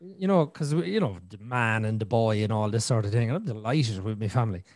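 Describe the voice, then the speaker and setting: A middle-aged podcast host chats casually, animated and talkative, repeating words and acting out his own thoughts. His voice is on the low side and brisk, with a dry recording and clean studio sound.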